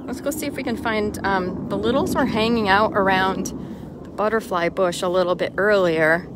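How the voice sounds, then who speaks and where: A woman's voice: mid-range voice, moderate pace, heavy background noise. A chatty woman hosts a casual live stream outside in her chicken yard. She greets viewers by name, answers their questions, and talks into a phone she holds as she walks around. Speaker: host.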